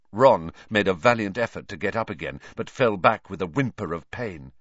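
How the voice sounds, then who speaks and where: A man narrating a novel aloud in slow, expressive storytelling. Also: sits low, dry recording. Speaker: audiobook narrator. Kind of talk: scripted narration. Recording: dry, dull lo-fi recording.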